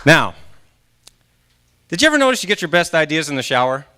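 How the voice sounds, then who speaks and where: A man in his forties from Maine speaks as a guest at a church service. His voice is high for a man and clear. He swings his pitch widely as he acts out his own inner voice and tosses questions to the audience. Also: big pitch swings, a little fast, bright, forceful tone, a faint crowd. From Maine, USA. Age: 40s. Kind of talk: motivational talk at a church service. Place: church sanctuary during a live service.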